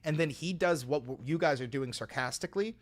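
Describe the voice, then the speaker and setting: A man with a fairly high voice, hosting a livestream and reading viewer donations aloud. He talks sarcastically, jumping from loud mock tirades to flat deadpan answers, on a close desk mic. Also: brisk. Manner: sarcastic, swings from loud mock rants to low dry replies.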